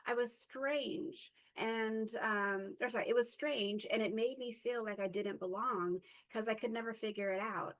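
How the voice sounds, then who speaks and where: A woman in her forties giving a personal reflective talk, halting often with ums and correcting herself mid-sentence. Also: fairly high pitch. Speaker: guest speaker.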